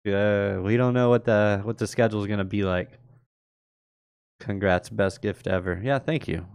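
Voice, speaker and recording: A man's voice: fairly low pitch, creaky, clear, resonant tone, no echo, clean studio sound. Laid-back man hosting a live stream. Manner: relaxed, rambling, laughs often. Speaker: host. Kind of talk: casual live-stream chat.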